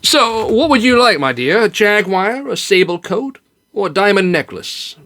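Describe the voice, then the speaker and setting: A man's voice: high voice, big pitch swings, normal speed, sharp tone, pitched above the performer's own voice, full character voice. A man voicing a smug, cheap middle-aged husband with a dry wit, in a grand, offhand way, as part of a joke. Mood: showy.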